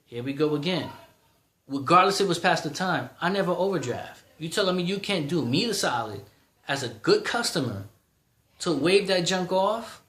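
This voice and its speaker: A man's voice: fairly high pitch, lively intonation, normal speed, fairly bright tone, reverberant. A man in his thirties ranting in a vlog, heated and exasperated, repeating himself. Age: 30s. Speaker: vlogger.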